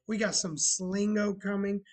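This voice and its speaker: A man's voice: high voice, fairly even intonation, measured pace, poor audio. A man chatting casually on a live stream, sarcastic and talkative, greeting viewers as he goes. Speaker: streamer running a bar roleplay channel.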